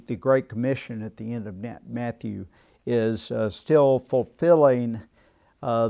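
A man leads a Bible class in a slow, deliberate way. His voice has a gravelly edge. He restarts phrases and pauses often as he works through his points. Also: medium pitch, darkish tone. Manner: unhurried, thoughtful, with frequent restarts and "uh". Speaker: Bible study teacher. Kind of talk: Bible class lecture with discussion.

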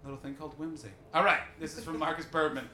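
High, bright-voiced profane man riffing live. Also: steady tone, fast, roomy sound, a little hiss or hum. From Canada. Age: 20s. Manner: profane, riffing on audience members. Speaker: comedy podcast host. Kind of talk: live stand-up podcast banter. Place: comedy venue with live audience.

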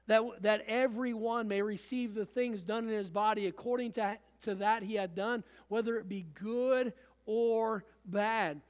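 High-voiced preacher in a reverberant hall. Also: male voice. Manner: preaching with repetition and frequent restarts. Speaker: pastor. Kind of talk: sermon. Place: church.

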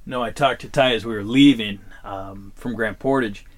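A man's voice: fairly low pitch, moderate pace. A man co-hosting a podcast, chatting and recounting stories in a casual way. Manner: chatty, storytelling. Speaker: podcast co-host.

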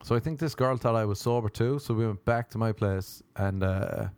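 A young man doing a rambling, profane comedic monologue as a comedian, slipping into quick impressions. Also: fairly low pitch, a little mellow, clean tone, no echo.

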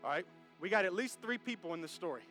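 High-voiced animated male preacher. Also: fast talker, soft background music. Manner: animated, jokey, talks directly to the congregation. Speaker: pastor. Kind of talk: sermon. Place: church service.

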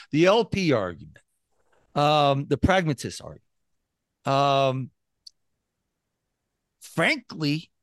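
A man's voice: sits high, fairly bright tone, dry recording. A man speaking as an interview guest, emphatic and restarting often, close to the mic in a dry room. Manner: emphatic, many restarts, mocks opponents in quoted voices. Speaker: guest, libertarian activist. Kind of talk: animated interview talk.

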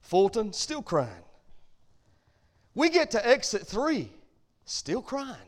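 Pastor, male, middle-aged, high voice with a wide swing, folksy preaching that turns emphatic. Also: huge pitch swings, slow pace. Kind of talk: sermon.

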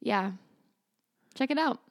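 A woman co-hosting a podcast, speaking in a slightly high voice. She talks casually and loosely, circling her points with lots of filler words. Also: expressive, takes it slowly. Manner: rambling, full of "like" fillers. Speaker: podcast co-host. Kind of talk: casual chat.

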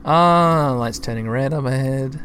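A man's voice: medium pitch, unhurried, fairly bright tone, a little hiss or hum. A man giving casual gameplay commentary as a let's-play host, chatty and thinking aloud as he talks to his listeners.

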